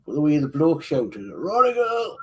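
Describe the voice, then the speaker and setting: A man's voice: mid-range voice, brisk. A man chatting casually while building a model kit, explaining each step as he goes. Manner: relaxed, explains assembly steps as he works.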